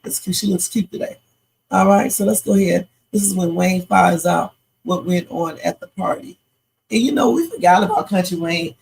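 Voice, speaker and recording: This woman speaks at a moderate pace in a fairly low, steady voice with vocal fry and a darkish tone, on a rough recording with slight hiss or hum. A tired, sleepy livestream reaction host, she chats, rambles, and drops preachy asides in her casual commentary.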